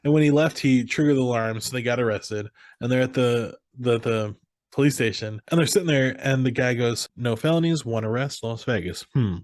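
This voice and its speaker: Dude on a podcast retelling a movie, lots of "like," cursing casually, dry close sound. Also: male voice, mid-range voice, a little fast, dry recording. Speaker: podcast co-host. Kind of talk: casual movie recap chat.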